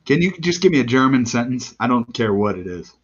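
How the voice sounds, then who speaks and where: A man's voice: mid-range voice, sing-song, a little fast, breathy edge. A male podcast host asking curious, laid-back questions in casual chat. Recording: dull lo-fi sound.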